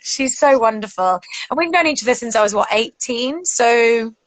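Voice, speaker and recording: A chatty woman in her thirties with a high voice, co-hosting a casual talk show. She rambles, laughs and swears freely. Her voice is recorded close and dry, with no room sound. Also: expressive, moderate pace, dry recording, rough recording. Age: 30s. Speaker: podcast co-host. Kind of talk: casual chat.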